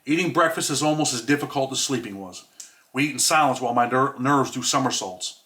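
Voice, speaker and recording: A man from New York reads from his own book in a steady, measured way, pausing on reflective lines. His voice is bright and forward, and his pitch sits in a middle range. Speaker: author reading his memoir. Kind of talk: audiobook reading.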